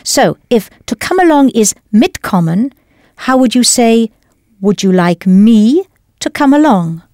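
Slow, lively-voiced woman language teacher. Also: fairly high pitch, dry recording, studio quality. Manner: slow, careful enunciation with prompting questions. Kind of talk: scripted language lesson.

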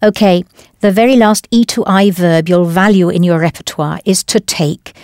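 A woman's voice: fairly low pitch, fairly even intonation, normal speed, a little mellow, no room sound, studio quality. A woman teaching a scripted language lesson, enunciating carefully and prompting the listener with questions.

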